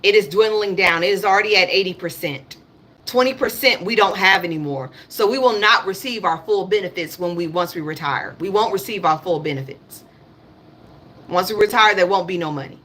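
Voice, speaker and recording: A woman in her thirties, speaking African American English in a mid-range voice with a sharp tone, hosts a casual political livestream. She rants bluntly, curses, and keeps restating her points.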